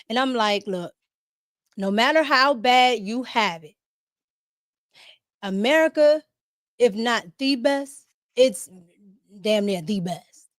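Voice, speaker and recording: High-voiced animated woman host. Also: measured pace, long pauses, no room sound, studio quality. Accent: DC area. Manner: animated, laughing, talks to chat. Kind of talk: casual political commentary livestream.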